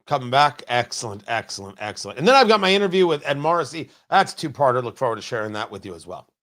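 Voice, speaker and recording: Male radio host with a high, lively voice and a sarcastic, animated delivery in the studio. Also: very fast. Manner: sarcastic, animated, mocking asides. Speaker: radio talk show host. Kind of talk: opinionated talk radio monologue.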